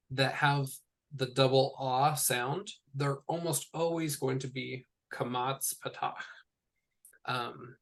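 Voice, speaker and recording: A man teaching a one-on-one language lesson, patiently explaining sounds and repeating each word slowly. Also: mid-range voice, vocal fry, a bit bright. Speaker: Hebrew teacher. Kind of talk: tutoring session.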